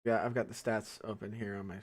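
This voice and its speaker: Young man, stream host, hesitant, stop-start speech, fairly low voice. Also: level tone, fast talker. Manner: hesitant, lots of fillers and restarts while fiddling with the stream. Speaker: stream host handling the broadcast.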